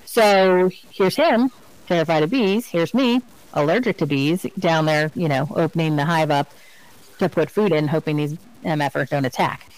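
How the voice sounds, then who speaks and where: A woman co-hosting a podcast, chatting casually and telling animated, funny stories. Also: low-pitched, normal speed, poor audio. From Virginia, US. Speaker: podcast co-host. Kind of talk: casual chat.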